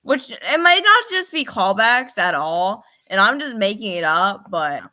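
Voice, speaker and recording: Lively excitable young woman reacting. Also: medium pitch, unhurried. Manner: excitable, thinks aloud with fillers and repeats. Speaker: reaction video host. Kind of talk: casual reaction commentary.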